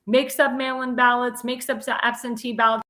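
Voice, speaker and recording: Talk host, woman, tired, emphatic political monologue, many fillers and restarts, fairly high voice. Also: little pitch movement, normal speed, fairly bright tone. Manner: emphatic, repeats words, frequent fillers and restarts.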